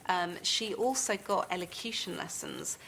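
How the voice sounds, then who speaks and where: A woman's voice: fairly low pitch, moderate pace, creaky, a bit bright, a little hiss or hum. A woman, speaking reflectively in a documentary interview.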